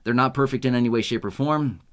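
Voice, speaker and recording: A man's voice: mid-range voice, fast, a bit bright. A young man from the United States, hosting a casual unscripted video in a rambling, self-mocking way and laughing often. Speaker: YouTube host.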